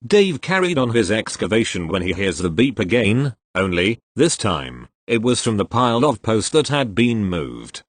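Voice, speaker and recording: A man reads tech-support stories aloud in a low voice that swings up and down lively through each sentence. His telling is dry, and he gives quoted lines small voice shifts. The recording is close and dry, with no room sound around him. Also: normal speed, few pauses, dry recording. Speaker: narrator reading posts aloud. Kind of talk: narrated story reading.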